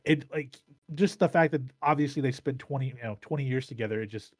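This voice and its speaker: A man's voice: mid-range voice, fairly quick. A man hosts a casual podcast, talking through his thoughts in long rambling runs. He restarts sentences often and swears freely. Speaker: podcast host.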